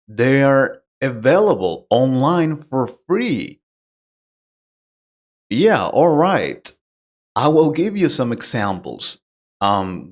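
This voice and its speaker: A man teaching a pronunciation lesson, explaining plainly and patiently and putting direct questions to the learner. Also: mid-range voice. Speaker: English teacher. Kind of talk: slow, deliberate English lesson.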